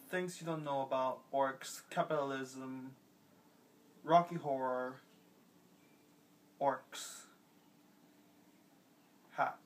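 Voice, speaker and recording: A young man playing a loud, brash substitute vlogger. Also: on the high side, a little hiss or hum, poor audio. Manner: loud, quick, show-offy.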